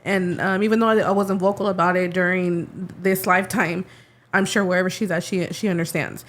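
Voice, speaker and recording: A woman's voice: lowish voice, steady tone, a little fast. A woman, co-hosting a podcast into a studio mic. She is tearful and talks in a rambling, heartfelt way, full of fillers and restarts. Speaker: podcast co-host. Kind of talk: casual podcast chat.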